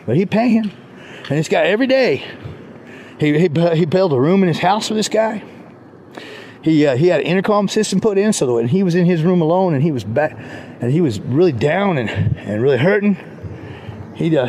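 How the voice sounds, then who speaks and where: A man's voice: fairly high pitch, expressive, a little fast, darkish tone, slight background noise. A man telling a rambling comic story, full of restarts and repeated words.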